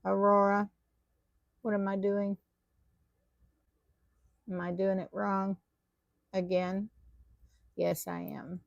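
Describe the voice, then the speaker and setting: A woman's voice: mid-range voice, little pitch movement, slow, vocal fry, long pauses, no room sound, muffled recording. A woman teaching a live online tatting class, chatty and self-deprecating as she talks viewers through her work.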